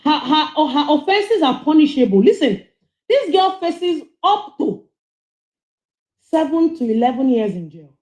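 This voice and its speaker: A woman's voice: high voice, big pitch swings, a little slow, darkish tone, roomy sound, low-quality recording. A woman giving passionate, scolding commentary on a livestream as she reads out charges.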